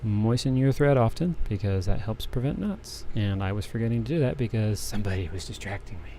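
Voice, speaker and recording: A man's voice: on the low side, lively intonation, a little fast, mellow, slight background noise. A man hosting a casual livestream, chatting in a rambling way with many restarts while he cross-stitches. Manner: rambling, restarts, talks while working thread. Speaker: livestream host. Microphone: desk microphone.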